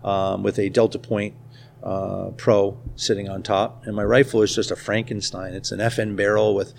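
A man guest in a casual interview, telling stories in a relaxed way with quick asides. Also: lowish voice, vocal fry, slight background noise. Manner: storytelling, laughing, quick asides.

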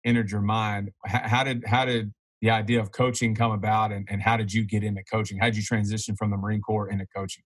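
A man interviewing a guest, asking questions in a halting way with repeated words. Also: on the low side, flat delivery, breathy edge.

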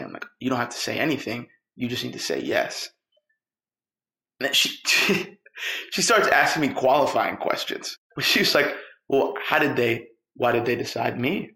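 A man telling a personal story, lively and quoting the people in it. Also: medium pitch, moderate pace. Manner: lively, quotes people in dialogue. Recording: roomy echo with faint music.

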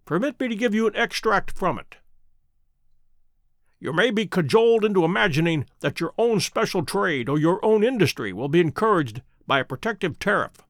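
A man voicing a keen, self-assured detective who speaks crisply and precisely, in a dry close recording. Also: sits high, lively intonation, normal speed, fairly bright tone, no room sound. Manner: crisp, precise and pleased with himself.

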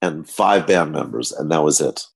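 Older guy telling stories in an interview, really low gravelly-husky voice, animated. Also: normal speed. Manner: animated storyteller acting out quotes. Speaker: guest, photographer. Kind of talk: anecdotal interview storytelling.

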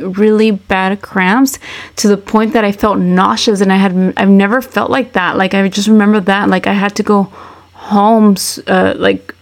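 A woman co-hosting a podcast, chatting casually and rambling through her memories with many restarts. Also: medium pitch. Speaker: podcast co-host. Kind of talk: casual chat.

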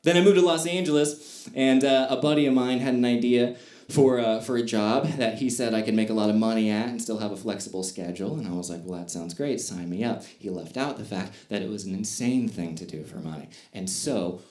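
A man's voice: fairly low pitch, fairly quick, a little mellow, reverberant. A man performing a stand-up comedy set, telling stories with self-deprecating, wry asides.

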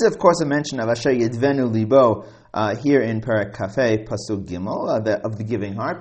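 A man teaching a Bible text study, reading Hebrew verses aloud and translating them, with frequent pauses. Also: medium pitch. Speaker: Torah teacher.

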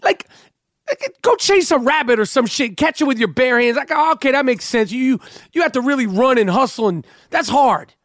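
A man with a strikingly high voice rants in casual podcast banter, cursing and sounding incredulous. The sound is very dry and close, with no room in it. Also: lively intonation, normal speed, fairly bright tone, dry recording. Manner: profane, incredulous ranting. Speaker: podcast co-host. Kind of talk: casual comedic rant.

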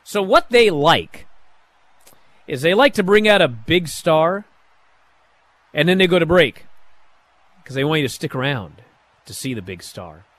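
A man casually recapping a wrestling show, animated and sarcastic, acting out quotes with sudden bursts. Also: on the high side, unhurried, pauses often, dry recording.

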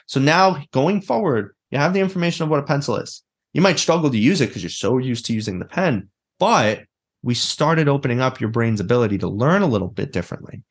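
A man's voice: medium pitch, expressive, brisk, husky. A man talking bluntly and animatedly as a guest in a casual interview, swearing freely. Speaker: guest, therapist and mindset coach.

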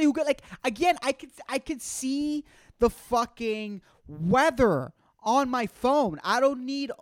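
A man's voice: sits high, no echo. Rambling, profane man in his twenties. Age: 20s. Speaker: podcast host. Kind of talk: casual solo podcast rant.

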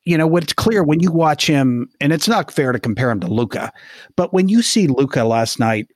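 A man co-hosting a sports podcast, measured and thinking aloud with frequent restarts. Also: fairly high pitch, expressive, no room sound, studio quality. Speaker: podcast co-host. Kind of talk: casual sports podcast chat.

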